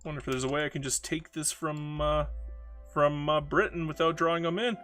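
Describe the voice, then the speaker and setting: Bright-voiced man rambling on a live stream. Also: a little high, steady tone, fairly quick, faint music behind. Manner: rambling, self-mocking, reads chat aloud. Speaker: game streamer. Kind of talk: casual live-stream commentary.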